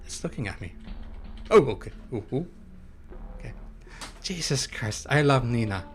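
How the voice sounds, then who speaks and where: A young man giving live commentary on a horror game, excitable and quick to swear and yelp at scares while reading his chat aloud. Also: mid-range voice, faint music behind. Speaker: streamer playing a horror game.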